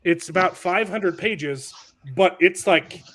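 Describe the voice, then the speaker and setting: Man, podcast host, casual chat, rambling, repeats words, slightly high voice. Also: slow, crowd noise. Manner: rambling, repeats words when starting sentences.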